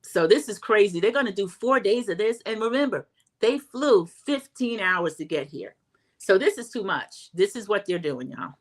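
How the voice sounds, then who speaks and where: A middle-aged woman, chatting through a casual TV recap and acting out quotes in a high voice. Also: expressive, moderate pace. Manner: chatty, acts out quotes in a high voice, says "y'all". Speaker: recap host.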